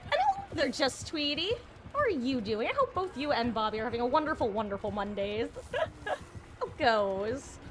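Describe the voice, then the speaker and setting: Woman streamer, chatty gameplay commentary, slightly high voice, frequent laughs. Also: sing-song, moderate pace, a bit bright, a little hiss or hum. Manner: chatty, laughs often, talks to viewers and teammates.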